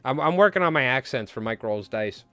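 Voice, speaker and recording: A man's voice: mid-range voice, lively intonation, fairly quick, fairly bright tone, clean tone, no echo, soft background music. A man chatting casually on a live stream while tying flies, rambling and joking at his own expense. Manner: rambling, self-mocking, joking.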